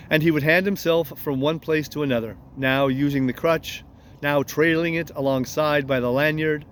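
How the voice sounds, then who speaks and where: A man reading a classic novel aloud at an unhurried pace, now and then adding a casual aside. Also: on the high side, slight background noise. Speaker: audiobook reader.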